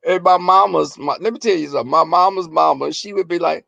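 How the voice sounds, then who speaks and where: A man telling comic family stories on his vlog, animated and profane, often breaking into laughter. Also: fairly high pitch, fast talker, gravelly, dry recording, dull audio. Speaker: vlogger. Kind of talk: comic storytelling.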